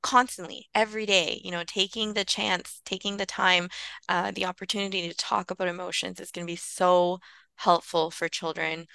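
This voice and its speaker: A woman's voice: on the low side, flat delivery, moderate pace, gravelly, sharp tone, smooth, no echo. A woman guest on a podcast interview, explaining early childhood care in an earnest, conversational way with lots of "like" and "you know".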